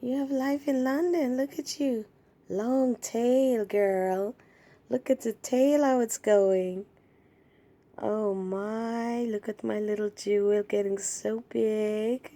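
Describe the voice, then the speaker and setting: High-voiced woman cooing to her kitten. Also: fairly even intonation, slow pace, mellow. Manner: sing-song baby talk to a pet, many questions. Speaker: cat owner filming her kitten. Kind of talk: cooing pet talk.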